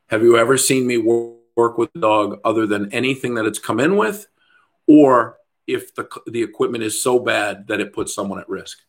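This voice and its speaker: A man's voice: mid-range voice, normal speed. A middle-aged man, a dog trainer, talking in casual podcast chat, blunt and profane, mimicking other people's voices as he rants.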